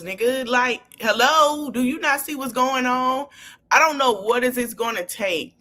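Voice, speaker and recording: A woman podcast host, talking in an impassioned, casual way, swinging between low murmurs and loud high outbursts. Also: lively intonation, unhurried.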